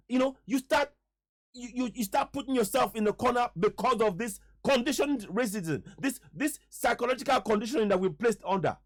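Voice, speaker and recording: A man's voice: extremely high pitch, expressive, fairly quick. A man reacting to a played clip, talking emphatically and repeating short urgent remarks. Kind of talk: live reaction commentary.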